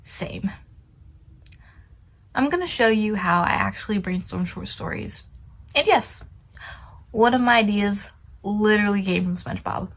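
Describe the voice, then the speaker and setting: A twenty-year-old woman chatting casually about how she writes, self-deprecating and talkative, now and then dropping into soft whispered asides. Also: medium pitch, lively intonation, a little slow, pauses often, slight background noise, poor audio. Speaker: writer sharing writing tips. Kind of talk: casual chat to camera.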